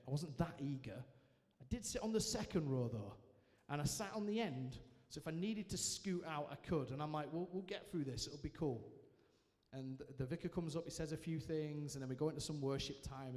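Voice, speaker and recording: Man telling his story in a church hall. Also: on the high side. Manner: lively storytelling with self-mocking humour. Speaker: guest speaker sharing his testimony. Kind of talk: personal testimony told to a live audience. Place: large church hall, indoors.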